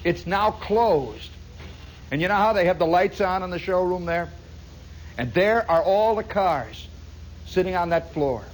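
A male storyteller with a high voice that rises and falls a great deal. He rambles through his tale with lots of asides and "you know"s, keeping it animated. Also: unhurried, slight background noise, low-quality recording. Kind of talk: spoken storytelling monologue.

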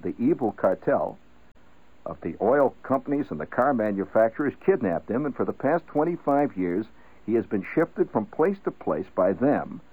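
A man's voice: fairly low pitch, slightly rough. A man telling a rambling, conversational story with frequent asides, heard over a tinny radio broadcast. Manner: conversational, digressive, asides like "see?". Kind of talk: rambling spoken-word storytelling.

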